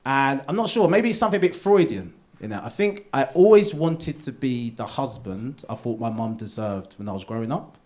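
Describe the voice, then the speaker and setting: A man doing a live stand-up set in a theatre, animated and jumping into high put-on voices for characters. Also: a little fast. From Essex, England. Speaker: stand-up comedian. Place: theatre stage. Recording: live theatre recording with audience noise.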